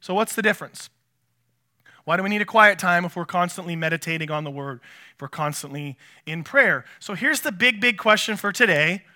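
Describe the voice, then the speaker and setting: A male pastor giving a relaxed, chatty sermon in church, often putting questions to the congregation. His voice sits high for a man and has a very bright, sharp edge. He speaks in a casual, self-deprecating way. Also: a little fast.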